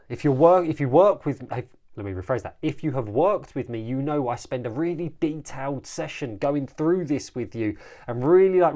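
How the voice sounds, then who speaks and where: A man coaching his listeners directly in a solo podcast, energetic and full of quick restarts. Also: on the high side. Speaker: life coach and podcast host.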